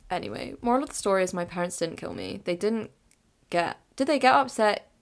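A woman's voice: medium pitch, huge pitch swings, moderate pace. A woman in her late teens, hosting a podcast and telling a chaotic, giggly, dramatic story in a casual way. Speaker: podcast host.

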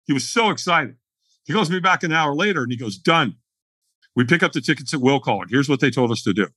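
A middle-aged man telling his story as a podcast guest, animated and acting out the dialogue as he goes. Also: mid-range voice, fairly quick, slightly rough, no echo.

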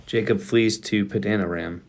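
A man's voice: lowish voice, fairly even intonation, normal speed. A man co-hosting a podcast, reading scripture aloud in turns with a co-host, earnest and emphatic on pleading lines.

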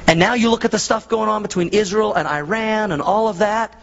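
A man's voice: high voice, fairly quick, vocal fry, a bit bright. A man preaching a sermon as pastor, telling folksy stories and acting out voices in his anecdotes. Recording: dull lo-fi sound.

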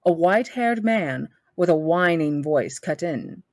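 A woman reading a novel aloud for a book club, steady and now and then correcting herself. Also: fairly low pitch, measured pace, dry recording.

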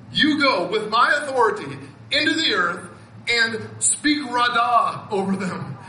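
Bright-voiced man in his fifties preaching. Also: extremely high pitch, lively intonation, slow, echoey room, slight background noise, rough recording. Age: 50s. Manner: earnest, emotional, laughs often, repeats words. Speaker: pastor. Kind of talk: sermon.

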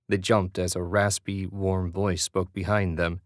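Low-voiced male audiobook narrator. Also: flat delivery, unhurried, no room sound, clean studio sound. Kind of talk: scripted narration.

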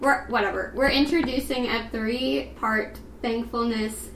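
Young female podcast co-host, chatty and rambling, mid pitch, echoey room with faint hiss. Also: steady tone, unhurried, fairly bright tone. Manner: chatty, rambling, lots of "like" and laughs. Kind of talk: casual chat. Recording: roomy sound, faint background noise.

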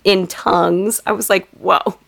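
Gravelly-voiced joking woman. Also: medium pitch, expressive, a bit bright. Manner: joking, quick teasing asides. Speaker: podcast co-host. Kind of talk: casual chat.

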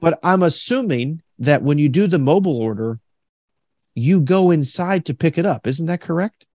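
A man's voice: a little high, expressive, moderate pace, a little mellow, no room sound. A man hosting a podcast in casual chat, telling stories animatedly and acting out other people's lines. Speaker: podcast host.

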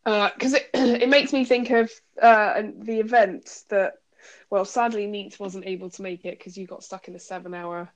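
A woman in easy conversation, working through her thoughts out loud with pauses and restarts. Her pitch sits in an ordinary middle range. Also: fairly even intonation. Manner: thinks aloud with many pauses and restarts. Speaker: podcast co-host; coach. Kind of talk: casual chat.

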